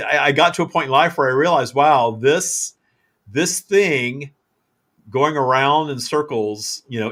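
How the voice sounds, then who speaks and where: A man hosting a casual live-stream chat, telling stories in an animated way and laughing often. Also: medium pitch. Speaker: host.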